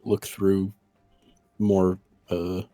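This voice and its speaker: Deep, slow-talking man at a game table. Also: flat delivery, mellow, dry recording, soft background music. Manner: hesitant, halting. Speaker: player.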